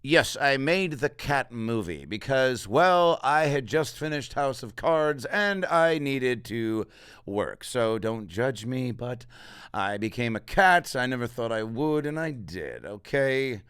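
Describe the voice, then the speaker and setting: A man doing an impression of a smug male actor, slow and defensive. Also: mid-range voice, expressive, a bit bright, clean tone, dry recording, studio quality.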